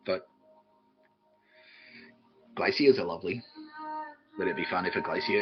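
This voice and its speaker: A man's voice: sits low, animated, a little fast, long pauses, muffled recording, faint music behind. A man, hosting a podcast stream and rambling through a comic monologue, swearing often and laughing at his own jokes. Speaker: podcast host streaming live. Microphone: desk microphone.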